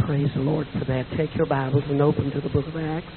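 A middle-aged man preaching a sermon in a church with a hoarse, weak voice, telling folksy stories with self-deprecating asides. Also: on the high side, level tone, fast talker. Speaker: visiting preacher. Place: church sanctuary. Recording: tinny echoey church recording with hiss.

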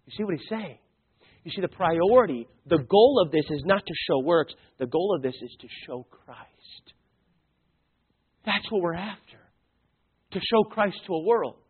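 A male preacher delivering a sermon and telling a story, emphatic, swinging between loud and hushed. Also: high-pitched, animated, moderate pace, long pauses, breathy edge. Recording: tinny phone-like sound.

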